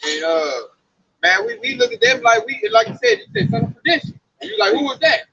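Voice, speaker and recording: Brief: excitable male preacher, very high lively voice, bright edge, dull lo-fi recording. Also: a little fast, vocal fry. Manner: excitable, exclaims and riffs loosely. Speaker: street preacher. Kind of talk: informal preaching chat.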